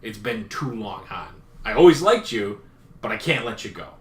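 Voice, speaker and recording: A man's voice: on the low side, lively intonation, moderate pace, fairly bright tone, far from the mic, pitched below the performer's own voice. A man voicing a huge male gangster slug as a weary crime boss, in a casual, slangy way in an echoey room. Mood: resigned.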